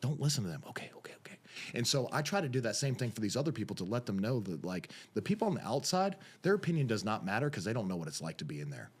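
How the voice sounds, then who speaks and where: A man talks through his path into coaching and refereeing as a podcast guest. His storytelling is casual and animated. He keeps slipping into the voices of the people he quotes. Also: on the low side, quick pace, hardly any pauses, slightly rough. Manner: animated storyteller, acts out quotes, repeats phrases.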